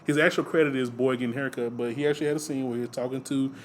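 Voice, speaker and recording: A man's voice: mid-range voice, very fast. Guy chatting loose and easy, laughs a lot, bit of hiss behind him. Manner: relaxed storytelling, laughs often, many fillers. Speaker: podcast host. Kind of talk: casual chat.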